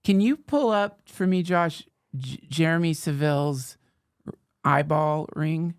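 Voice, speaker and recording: A man hosting a podcast in casual chat, animated, profane and joking. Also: a little high, takes it slowly, clear, resonant tone. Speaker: podcast host.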